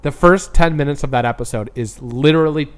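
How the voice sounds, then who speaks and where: A man's voice: a little high, a little fast, smooth. A man co-hosting a beer tasting show, chatting casually, rambling and joking. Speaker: podcast co-host. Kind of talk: casual chat.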